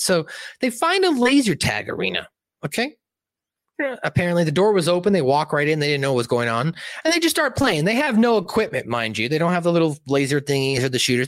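A man with a slightly high voice recaps a film in a casual, profane ramble full of asides. His delivery is very lively, with pitch swinging widely. The sound is close and dry. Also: no echo. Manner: animated, rambling, profane storytelling with many asides. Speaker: movie recap commentator. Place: indoors, seated.

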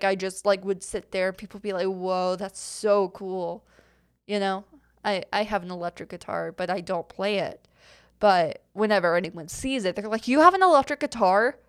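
A woman's voice: mid-range voice, dry recording, studio quality. A young adult woman hosting a podcast, answering listener questions in casual, rambling chat full of fillers and giggles. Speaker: podcast host. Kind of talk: casual solo Q&A.

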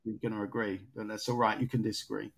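A man's voice: on the low side, level tone, fast, vocal fry. A man hosting a casual football podcast, thinking aloud with frequent fillers and restarts as he goes through transfer news. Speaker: podcast host.

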